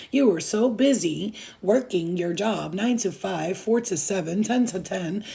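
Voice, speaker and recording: With a medium-pitched, dark voice and vocal fry, a woman who reads spiritually and has a child speaks directly to the viewer, relaying a channeled message. Casual and reassuring, she swears openly and repeats phrases for emphasis.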